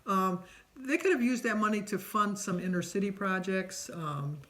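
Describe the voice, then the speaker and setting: A middle-aged woman talks through a list of tag questions on her vlog. She rambles casually and fills her pauses with ums, in a middle-pitched everyday voice. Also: a bit bright. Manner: chatty and rambling, many ums. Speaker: vlogger answering a tag questionnaire. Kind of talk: casual chat.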